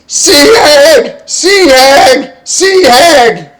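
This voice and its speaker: A man voicing a panicked young sailor on lookout who yells in fright and protests his innocence. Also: very high-pitched, expressive, very slow, crowd noise, voice pushed up, full character voice, poor audio. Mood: terrified. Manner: frantic, yelling. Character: panicked young male ship lookout, shrieking.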